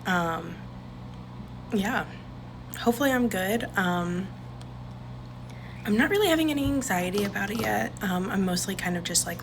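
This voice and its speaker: A woman's voice: mid-range voice, normal speed, pauses often, background noise. A woman talking casually in a video diary, chatty and full of fillers. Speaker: vlogger; school staff.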